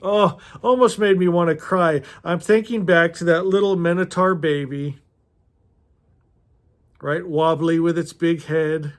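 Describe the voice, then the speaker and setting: A middle-aged man with a somewhat high voice reads a story aloud at a slow pace. He talks casually between passages, gets emotional, laughs often and swears freely. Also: fairly even intonation. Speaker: host reading a novel aloud. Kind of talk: casual reading with personal commentary.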